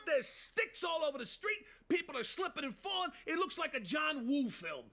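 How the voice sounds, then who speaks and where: Brash, animated New Jersey man. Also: very high voice, a little fast. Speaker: relocated mobster telling children a story. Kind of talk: film comedy acting.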